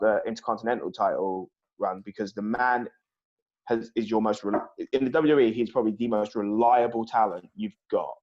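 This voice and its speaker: A man's voice: on the low side, a little mellow. A man co-hosting a casual review podcast who rants with profane exasperation. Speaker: podcast co-host. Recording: slightly dull lo-fi audio.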